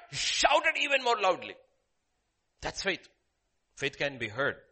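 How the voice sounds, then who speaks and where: Emphatic, lively male preacher. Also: fairly high pitch, a little slow, long pauses, slightly rough. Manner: emphatic, repeats phrases, swings from loud calls to hushed lines. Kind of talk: sermon.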